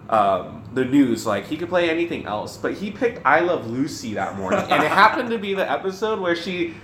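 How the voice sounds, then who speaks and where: A man from the American South co-hosting a casual Q&A vlog, rambling and animated with lots of filler words. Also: on the high side, reverberant, a little hiss or hum. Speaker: co-host. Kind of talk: casual Q&A chat.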